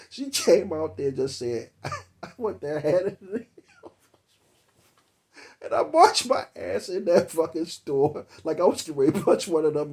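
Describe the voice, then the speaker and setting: A man's voice: medium pitch, darkish tone. A man telling a comic story about a costly date with lots of swearing and laughter. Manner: profane, laughing through the story. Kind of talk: comedic storytelling monologue.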